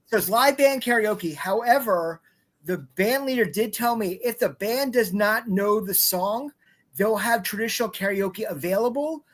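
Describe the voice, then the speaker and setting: A man speaking as a guest on a live show, explaining things calmly. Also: sits high, normal speed. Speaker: event organizer guest. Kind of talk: casual live-stream chat.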